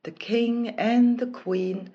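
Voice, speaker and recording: A woman narrating a children's storybook in a slow, expressive, careful reading voice. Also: a little high, slightly rough, muffled recording.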